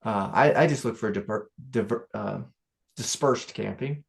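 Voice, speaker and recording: A man, a spiritual teacher, giving a casual satsang talk to a student, telling stories in a loose, animated way. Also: on the low side, normal speed, gravelly.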